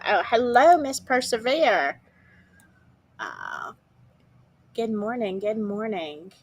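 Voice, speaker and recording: A woman hosts a casual livestream from home and chats with her viewers. She talks slowly and unhurriedly, and her voice sounds stuffy and congested from a morning cold. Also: mid-range voice, bright, forceful tone. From Southern United States. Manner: chatty, greets viewers by name, drawling. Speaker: livestream show host. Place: home, indoors.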